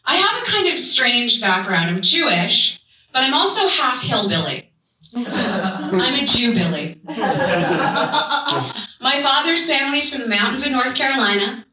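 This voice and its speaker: A playful woman from Massachusetts performs stand-up, often laughing. Her voice is a little high and swings widely in pitch. The mic is distant and the club sounds roomy and noisy. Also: very animated, slow pace, pauses often, bright, forceful tone. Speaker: stand-up comedian. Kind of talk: stand-up comedy set. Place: comedy club stage.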